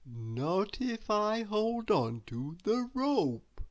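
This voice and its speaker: A man voicing a sleepy, easygoing storybook character who drawls slowly. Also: high voice, very animated, dull audio, pitched above the performer's own voice, full character voice. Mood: relaxed drawl. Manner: slow, drowsy drawl.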